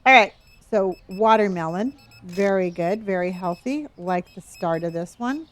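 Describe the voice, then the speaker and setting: This woman speaks at a measured pace with a medium-pitched voice while streaming a game. She chats casually with playful running commentary, thanking her viewers by name and calling them honey and dear.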